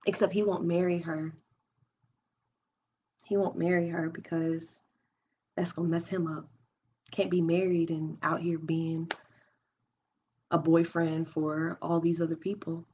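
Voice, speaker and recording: Speaking flatly and unhurriedly with long pauses, a young woman opens up emotionally about her life on a home live stream, restarting often as she thinks aloud. Her voice is low and somewhat dark. The dull, lo-fi stream audio has a little hiss or hum.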